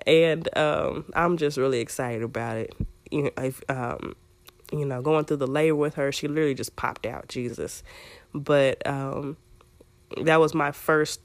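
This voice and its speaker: A young woman hosting a podcast in a casual, chatty way, her voice hoarse and a little raspy from a scratchy throat. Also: low-pitched, no echo. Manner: chatty and playful, talks straight to listeners. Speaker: podcast host. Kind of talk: casual chat.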